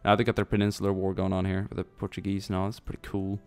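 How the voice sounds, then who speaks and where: A man's voice: sits low, monotone, quick pace, gravelly, a little mellow, clear, resonant tone, soft background music. A man giving casual, rambling commentary over a strategy game, thinking aloud and tossing in jokey asides. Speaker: let's play commentator.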